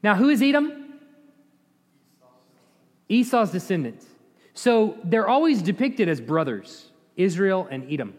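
A man's voice: sits high, sing-song, a little slow, pauses often, a little mellow. A man giving informal Bible teaching in a conversational way, quizzing his listeners and chuckling now and then. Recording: echoey hall reverb.

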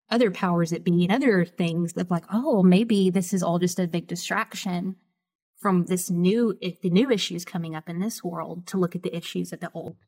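A woman's voice: fairly low pitch, darkish tone. Enthusiastic Southern woman hosting a chat. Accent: Southern American. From American South. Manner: enthusiastic, thinks aloud with fillers. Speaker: podcast host. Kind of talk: casual interview conversation.

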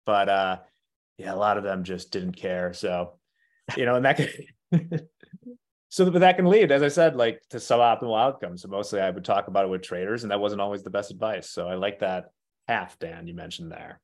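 A man's voice: on the low side, animated, moderate pace. A man co-hosting a podcast in casual chat, reflective and explaining his points through everyday examples. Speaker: podcast co-host.

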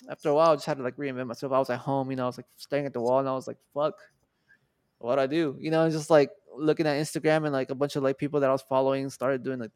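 As a podcast guest, a Mexican man in his twenties recounts a story casually, with plenty of profanity and animated, acted-out quotes. His voice is mid-range and smooth, in a dry recording with clean studio sound.

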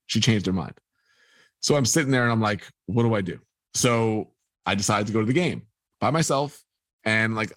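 Animated New man telling a story. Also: lowish voice, no echo. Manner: animated storyteller, acting out voices of people in the story. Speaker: guest. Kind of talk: storytelling in a podcast conversation.

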